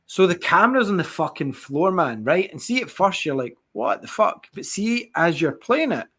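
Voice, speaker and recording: A man's voice: sits high, moderate pace. Rambling, profane man chatting games. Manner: rambling, profane, animated storytelling. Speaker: podcast co-host. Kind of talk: casual chat about video games.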